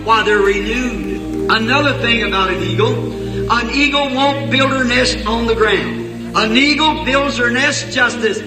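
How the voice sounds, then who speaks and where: A man's voice: extremely high pitch, a little slow, over music, low-quality recording. A man preaching a revival sermon, telling a story in a folksy, rural way. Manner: folksy, rural turns of speech.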